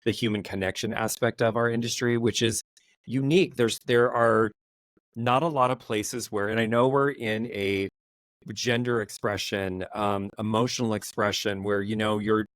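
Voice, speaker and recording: A man's voice: lowish voice, steady tone, normal speed, a bit bright, no echo. A man hosting a podcast, chatting casually and animatedly in long run-on thoughts. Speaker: podcast host. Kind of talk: casual chat.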